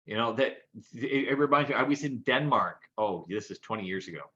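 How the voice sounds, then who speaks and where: A man co-hosts a casual podcast and tells animated anecdotes. His voice sits in a middle pitch. The sound is dull and a bit lo-fi. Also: fairly quick. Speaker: podcast co-host. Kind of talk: casual chat, storytelling.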